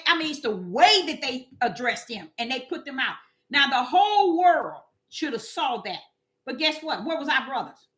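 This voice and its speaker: A woman giving animated, preachy casual commentary to her viewers, often repeating words and using fillers. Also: sits high.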